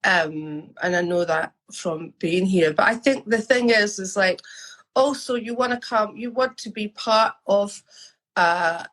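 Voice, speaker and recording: A woman with a Scottish accent talks openly in an interview, chatty and candid, often circling back to restate a point. She sounds middle-aged, with a voice of ordinary pitch for a woman. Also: a little slow, a bit bright, poor audio. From Scotland. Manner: frank, chatty, with many restarts. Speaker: guest artist and curator. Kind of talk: conversational interview.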